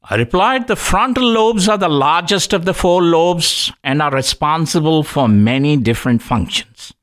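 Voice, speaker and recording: A man's voice: a little high, normal speed. A middle-aged man hosting a healthcare talk show, telling anecdotes and jokes and acting out the people he quotes. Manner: animated storyteller who acts out quoted voices.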